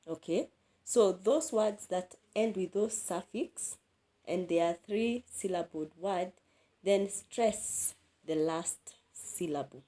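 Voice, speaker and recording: A woman teaching an English lesson, explaining word stress and repeating example words slowly. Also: medium pitch, dark tone. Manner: slow, repeats key words and drills them aloud.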